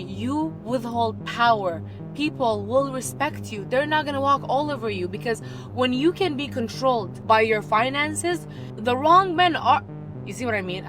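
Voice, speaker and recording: Animated young woman vlogging, faint music. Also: a little high, rough recording. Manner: animated, expressive, shifts into playful voices. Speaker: business coach and content creator. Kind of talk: casual vlog advice. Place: in a car.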